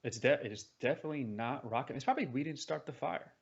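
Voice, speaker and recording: Fast-talking male studio producer. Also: medium pitch, vocal fry, husky. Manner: sheepish, joking. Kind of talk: casual studio banter. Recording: lo-fi radio broadcast.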